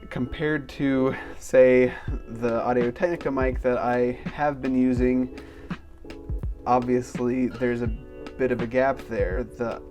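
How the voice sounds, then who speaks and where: A man's voice: medium pitch, flat delivery, slow, darkish tone, muffled recording, faint music behind. Plain-spoken man reviewing gear. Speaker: tech reviewer. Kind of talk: casual product review.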